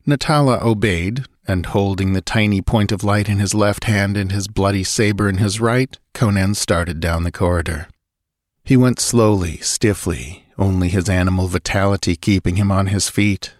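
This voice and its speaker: Man, audiobook narration, low pitch, measured delivery, dry close mic. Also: steady tone, dry recording. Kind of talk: scripted narration.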